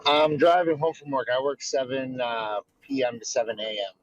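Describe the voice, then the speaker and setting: An American man calling in while driving, talking in a casual chat, animated and stumbling. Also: mid-range voice, normal speed, dry recording, poor audio. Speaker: caller from the audience.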